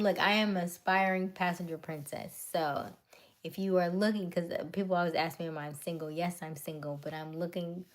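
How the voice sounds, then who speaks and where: A woman hosting a casual livestream, chatting with viewers and answering their comments, often laughing. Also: fairly low pitch. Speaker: livestream host. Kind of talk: casual live chat with viewers.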